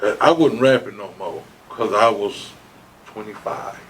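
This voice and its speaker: This man's voice is on the low side and a little slow, with a bit of hiss or hum in the recording. He's an interview guest telling a long tale, animated, cursing liberally and performing every quote.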